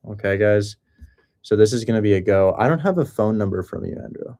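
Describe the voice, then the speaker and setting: A young man hosting a casual livestream, excitable and joking. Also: lowish voice, fairly quick. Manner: excitable and joking, breaks into loud mock accents. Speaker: host of a livestream on real estate wholesaling.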